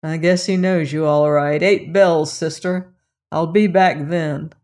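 A reader voicing a gruff plainclothes policeman who speaks bluntly in street slang. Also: medium pitch, fairly even intonation, a little slow, darkish tone, lightly acted. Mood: curt.

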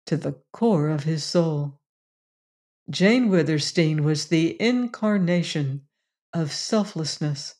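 Slow, low-voiced woman reading a novel. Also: a little mellow. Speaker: audiobook reader. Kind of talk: scripted narration.

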